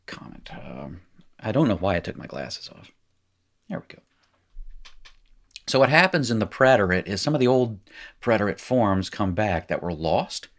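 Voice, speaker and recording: A man's voice: lowish voice, very animated, normal speed, pauses often. A man teaching a recorded language lesson, talking through exercises in a rambling way with restarts and wry asides.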